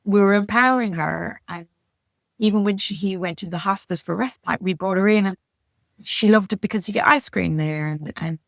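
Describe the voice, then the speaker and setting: A middle-aged woman telling her story as a podcast guest, frank and earnest, with blunt language and quick restarts. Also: mid-range voice, creaky, no room sound, clean studio sound. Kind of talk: candid conversational storytelling.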